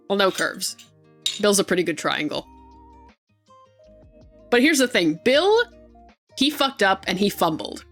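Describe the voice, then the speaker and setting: A young adult woman streamer in casual live-stream chat, excitable and gushing, laughing often and swearing freely at a desk microphone. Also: medium pitch.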